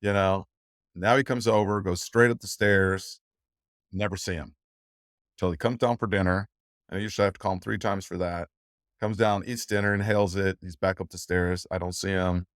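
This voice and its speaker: With a deep voice and a steady tone at normal speed, an older man speaks emotionally as a guest in a conversational interview, rambling on, laughing often and restarting frequently. The recording has studio quality and no room sound.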